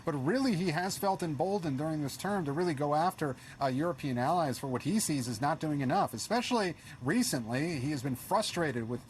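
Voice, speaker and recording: A man reporting as a news correspondent in a steady manner, with many hesitations. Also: fairly high pitch, a little fast, hardly any pauses, slight background noise.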